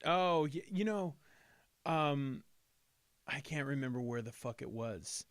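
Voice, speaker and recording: A man hosting a casual podcast, swearing heavily and rambling with restarts in a slightly low, smooth voice. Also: lively intonation, slow, no echo. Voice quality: slightly lower, smoother voice than usual. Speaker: podcast host.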